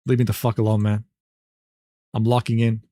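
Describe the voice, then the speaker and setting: A man voicing a curt, annoyed young woman gamer who brushes someone off, in a gruff, clipped, dismissive voice. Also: rumbling low, little pitch movement, normal speed, mellow, voice pushed down. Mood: irritated.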